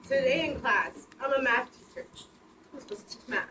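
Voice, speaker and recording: A woman in her twenties, a high school teacher, speaking earnestly and with emotion from the audience. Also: a little fast. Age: 20s. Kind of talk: audience comment at panel. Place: community bookstore room. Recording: echoey room, distant mic, noticeable noise.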